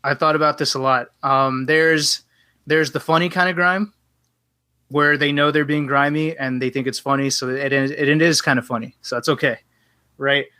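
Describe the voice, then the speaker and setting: A man's voice: fairly high pitch, moderate pace, smooth, no echo. A man on a podcast, casually telling a long story and acting out both sides of the dialogue. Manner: animated, acts out both sides of quoted dialogue. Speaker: podcast guest.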